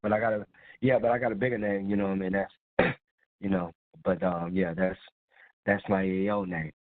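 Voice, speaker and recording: A man's voice: deep voice, fairly even intonation, fairly quick, no room sound. A man hosting a casual live call-in chat, congested with a cold, talking in a loose, rambling way. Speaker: host of a call-in live show. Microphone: phone call. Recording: dry tinny phone line.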